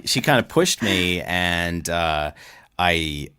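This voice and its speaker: A middle-aged Australian man with a very deep voice, chatting loosely as an interview guest. He laughs often and circles back over his own sentences. The recording is dry and close, with no room sound. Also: animated, slow, sharp tone, smooth, no room sound. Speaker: voice actor guest. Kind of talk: casual interview chat.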